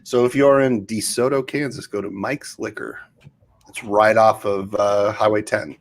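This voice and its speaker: A middle-aged man co-hosts a casual show, his voice on the low side, creaky, and measured in pace. He chats in a loose, rambling, easygoing way.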